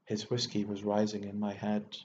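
A man with an Irish accent narrating a literary audiobook in a low, level voice. His tone is mellow and dark. The recording is dull and lo-fi with a faint hiss. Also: monotone, moderate pace.

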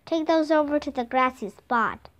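A woman with Vietnamese as her first language voicing a laconic grown cowboy trail boss, speaking in a slow, calm, unhurried way. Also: high-pitched.

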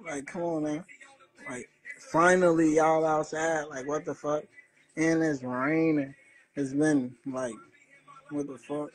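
A man's voice: on the high side, steady tone, measured pace, a little mellow, poor audio. A young man talking on a phone livestream, agitated and profane as he rambles back at viewers' comments. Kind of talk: casual livestream talk reacting to comments.

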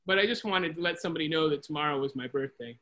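A lonely diner regular, soft-spoken and hurt, as a storyteller voices her in a near-natural tone over a video call, with a bright, clear ring to the sound. the voice stays plain, never theatrical. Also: mid-range voice, rapid-fire, dull audio, voice pushed down, natural voice. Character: lonely woman at a diner, birthday girl.

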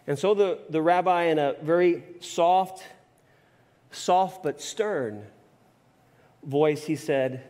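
A man's voice: on the high side, a little slow, a little mellow, in a large hall. A man preaching a sermon as pastor, telling a story with frequent repeats and restarts, in a church sanctuary.

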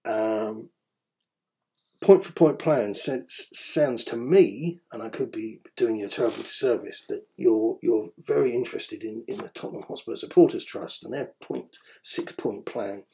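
A gravelly-voiced man talks through his daily podcast at a middling pitch. He rambles, hesitates over frequent ums, and keeps a dry, wry tone. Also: normal speed, a little mellow. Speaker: podcast host. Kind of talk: casual spoken commentary.

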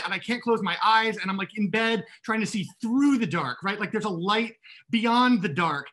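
High, bright-voiced man, comic debater, rambling, keyed-up delivery. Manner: rambling, jittery, repeats words. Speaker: faculty debater. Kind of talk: comedic debate speech.

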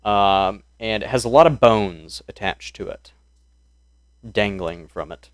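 A man's voice: fairly low pitch, unhurried, dry recording. Dry-voiced male game master. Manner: descriptive, loose, with many ums and uhs. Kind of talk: narrating a tabletop horror game.

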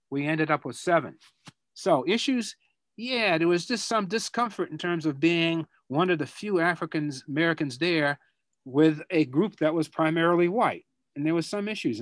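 An older man from Boston with a Boston accent, a guest speaker answering students' questions over a video call, reflective and halting, often repeating words as he searches for them. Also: fairly high pitch, a bit bright, no room sound.

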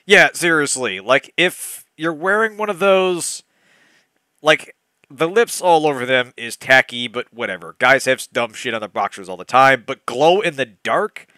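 Sarcastic male host, bright sharp voice, riffing with exasperation through a comedic read-along. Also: mid-range voice, animated, measured pace, no room sound.

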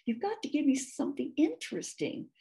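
A woman's voice: sits high, wildly swooping pitch, fairly quick, gravelly, mellow, pitched above the performer's own voice, full character voice. A woman voicing a nasty, sulky old man who is a living crossword puzzle, snarling and disagreeable.

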